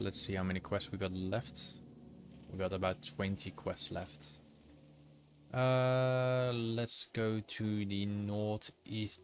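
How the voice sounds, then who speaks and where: A man streaming a video game and chatting easily with his viewers as he plays. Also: on the low side. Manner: easygoing, chats with viewers while playing. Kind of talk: casual live-stream chat while gaming. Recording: game music playing under the voice. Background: game music.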